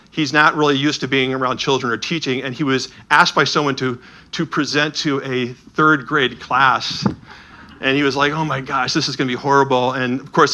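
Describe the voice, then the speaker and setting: Man telling lively stories, bright voice. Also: mid-range voice. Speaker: presenter of an illuminated Bible. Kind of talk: storytelling talk with slides.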